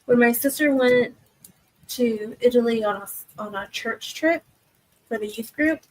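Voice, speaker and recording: A woman's voice: fairly high pitch, unhurried, low-quality recording. A young woman hosting a livestream, chatting casually with viewers from her desk and rambling with many fillers and restarts. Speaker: livestream host. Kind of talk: casual chat with live chat. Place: home desk.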